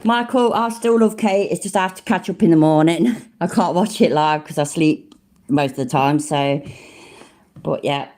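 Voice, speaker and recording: A woman's voice: low voice, moderate pace, a little mellow. A woman with a British accent giving live reaction commentary, blunt, sweary and full of slang. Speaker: livestream commentator.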